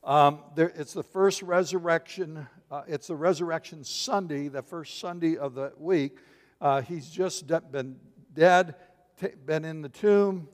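A man's voice: fairly high pitch, unhurried. A man preaching a sermon, telling the story with humor and acting out the voices. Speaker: pastor. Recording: long hall reverb.

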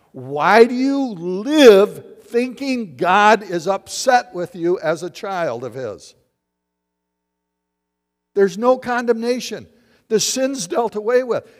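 A man preaching a sermon as a pastor, putting questions to the congregation and answering them. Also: sits high. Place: church sanctuary. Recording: long hall reverb.

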